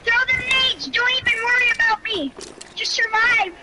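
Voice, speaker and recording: A woman gaming with a friend in casual chat, excitedly shouting quick callouts. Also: extremely high pitch, very noisy. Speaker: gamer.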